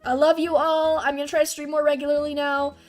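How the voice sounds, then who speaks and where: A young woman with a high, light voice chats with her stream audience while she plays. She rambles and pokes fun at herself in an easy, casual way. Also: little pitch movement, fast talker, faint music behind. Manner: rambling, self-deprecating, chatty. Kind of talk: casual game stream chat.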